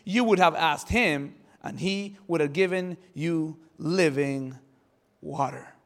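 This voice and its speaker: A man voicing Jesus as a calm, authoritative teacher, speaking slowly and emphatically while acting out scripture in a sermon. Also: on the high side. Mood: solemn. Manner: slow, emphatic, solemn delivery.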